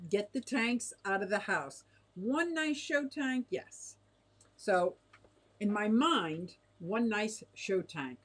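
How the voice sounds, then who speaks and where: A bubbly middle-aged woman hosts a relaxed home livestream, reading out and answering viewer comments. She talks in a chatty, giggly way that drifts between soft asides and excited exclamations, with a voice of middling pitch. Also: slow pace. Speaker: livestream host reading chat. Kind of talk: casual livestream chat. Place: home fish room with tanks.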